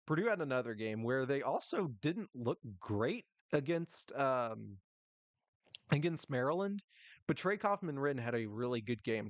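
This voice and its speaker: A young man hosts a solo sports podcast, rambling casually with lots of ums and small laughs. His voice is medium-pitched and the recording is dry.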